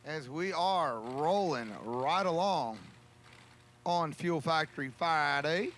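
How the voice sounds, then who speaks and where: Man, drag racing commentary, slow unhurried delivery, folksy jokes, faint hum behind. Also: on the high side. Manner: joking, folksy, drawn-out calls. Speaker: race announcer.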